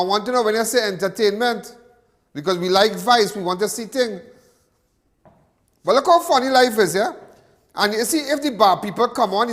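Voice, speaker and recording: A man's voice: high voice, a bit bright, long reverb tail. A Trinidadian man hosting a live crime show, talking in an emotional, repetitive monologue that rises into agitated ranting. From Trinidad and Tobago. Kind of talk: livestream monologue.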